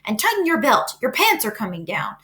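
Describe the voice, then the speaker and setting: A woman reading aloud, voicing a fussy, nervous farm wife who talks in a shrill, fussing way. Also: huge pitch swings, brisk, pushed and bright, exaggerated voice.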